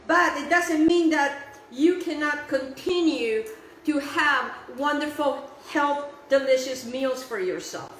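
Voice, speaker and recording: A woman's voice: high-pitched, takes it slowly, fairly bright tone, reverberant, a little hiss or hum, low-quality recording. A woman hosting a casual cooking demonstration, chatty and enthusiastic, who drops Italian phrases into her talk while she cooks outdoors. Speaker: cooking show host. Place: outdoor kitchen, windy.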